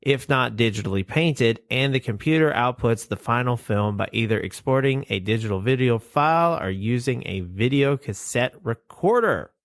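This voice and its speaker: A man's voice: medium pitch, normal speed, few pauses, no room sound, clean studio sound. A man with a nasal voice co-hosting a casual podcast, reading definitions and cast lists aloud and swearing casually. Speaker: podcast co-host.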